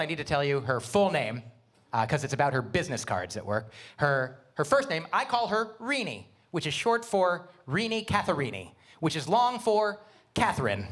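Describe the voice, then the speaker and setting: A middle-aged man performing stand-up comedy, his voice sitting a bit high and swinging widely in pitch. He delivers quick asides and wordplay with an animated, playful energy. A faint hiss sits under the recording. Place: comedy venue with live audience.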